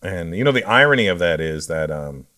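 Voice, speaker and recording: A middle-aged man, a comedian guest, telling stories in a relaxed way with dry jokes in a casual interview chat. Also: low voice, brisk.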